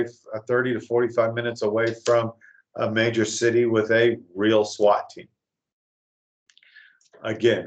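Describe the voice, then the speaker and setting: A man from West Texas gives an earnest, lecture-style warning talk, full of filler words and hesitations. His voice is medium in pitch, and the recording is muffled.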